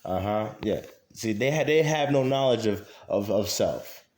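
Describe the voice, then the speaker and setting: A man's voice: lowish voice, expressive, unhurried, darkish tone. Emphatic man in an echoey room. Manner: emphatic, repeats points, many fillers. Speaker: vlogger. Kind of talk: casual monologue.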